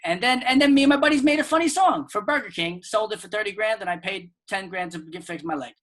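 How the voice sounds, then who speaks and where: A man's voice: high voice, fast. Upbeat joking male comedian guest. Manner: upbeat, joking, animated storytelling. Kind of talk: casual interview chat.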